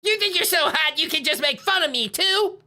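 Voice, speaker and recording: A woman's voice: very high-pitched, lively intonation, fairly quick, sharp tone, pitched above the performer's own voice, full character voice. A woman voicing a whiny, edgy punk boy villain from a game while reading its dialogue aloud.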